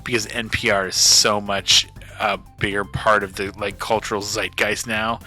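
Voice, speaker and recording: A man's voice: lowish voice, level tone, normal speed, sharp tone, faint music behind. A man hosting a pop culture podcast, chatting casually in a jokey, rambling way. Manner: jokey, rambling, swears freely. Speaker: podcast host. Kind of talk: casual chat.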